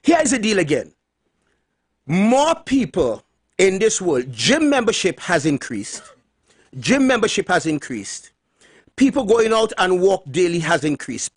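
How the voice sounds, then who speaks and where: A man hosting a radio talk show, retelling a phone call in an animated way and repeating key words for emphasis. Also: sits high, dry recording, clean studio sound.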